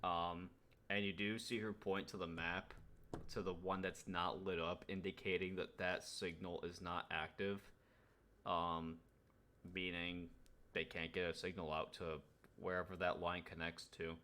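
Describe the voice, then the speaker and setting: A man's voice: low voice, level tone, measured pace, bright, forceful tone, a little hiss or hum. A young man running a tabletop game as game master, narrating with many hesitant restarts and fillers.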